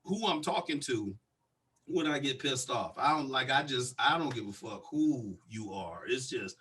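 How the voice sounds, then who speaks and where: A young man co-hosting a casual podcast, an animated storyteller who acts out the people he quotes. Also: mid-range voice, moderate pace, breathy edge. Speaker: podcast co-host.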